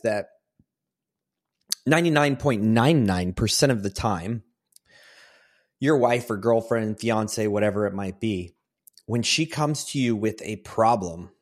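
A middle-aged man hosting a solo podcast, giving earnest conversational advice to other men. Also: lowish voice. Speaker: podcast host.

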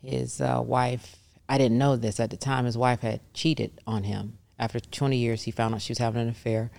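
A woman's voice: rumbling low, fairly even intonation, normal speed, gravelly, a little mellow. A middle-aged woman, a massage therapist, talks casually in an interview and animatedly acts out the voices of the people she quotes.

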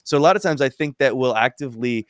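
A man's voice: mid-range voice, fast talker, dry recording. A man hosting an interview, reflecting thoughtfully and repeating phrases as he gathers his thoughts. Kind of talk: conversational interview.

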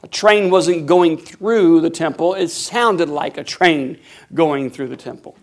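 High-voiced preacher man. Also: a little slow. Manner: preaching with sudden loud bursts; call-and-response with the congregation. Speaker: pastor. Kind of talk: sermon.

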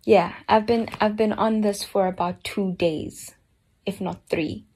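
A woman giving a slow, earnest personal reflection on a Bible book, often dropping to a soft near-whisper. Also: medium pitch, fairly even intonation, a little hiss or hum. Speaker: Bible study speaker.

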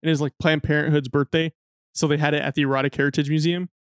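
A man's voice: fairly high pitch, flat delivery, racing, smooth, dry recording, clean studio sound. A man co-hosting a podcast, telling stories in a casual, profane, laughing way. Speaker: podcast co-host. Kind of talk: casual chat.

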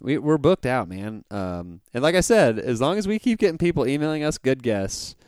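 A man's voice: mid-range voice, big pitch swings, normal speed, a little mellow, smooth, no room sound, clean studio sound. A man co-hosting a podcast in casual chat, rambling and joking with many restarts. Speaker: podcast co-host.

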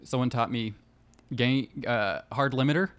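A man's voice: mid-range voice, normal speed, clean tone. A young man who makes short films talks in a casual chat. He speaks hesitantly, with plenty of ums and restarts. His questions come across as curious. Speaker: video editor and YouTuber.

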